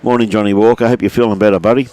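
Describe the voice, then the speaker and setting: A man's voice: fairly low pitch, steady tone, very fast, mellow, slight background noise. A man doing live commentary on a lawn bowls match, chatty and friendly with viewers, dropping "mate" into most lines. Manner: chatty, greets viewers by name, says "mate" often. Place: outdoors at a bowls club.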